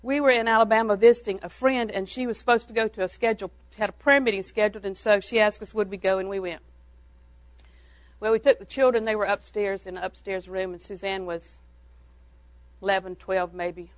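A woman's voice: mid-range voice, steady tone, fairly quick, no echo, rough recording. Folksy older woman telling stories. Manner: homespun, chuckles between anecdotes. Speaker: church speaker on parenting. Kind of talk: folksy storytelling talk to an audience.

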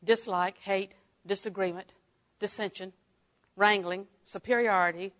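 An older woman teaching a Bible lesson, lively and chuckling often, acting out her own thoughts in quotes. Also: medium pitch, a little slow, pauses often. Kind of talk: sermon.

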